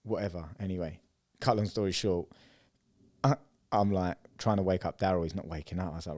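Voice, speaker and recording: Animated British storyteller, lowish voice. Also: male voice, quick pace. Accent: British English. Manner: animated storyteller, acts out quotes loudly and laughs. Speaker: podcast co-host. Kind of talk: casual storytelling chat.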